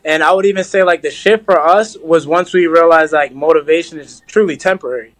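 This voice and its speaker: A young man who runs a gym answers interview questions in an earnest, casual way. His voice sits somewhat high, and he leans on "like" and "it's like" as he talks. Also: brisk, fairly bright tone. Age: young adult. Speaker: gym owner, guest.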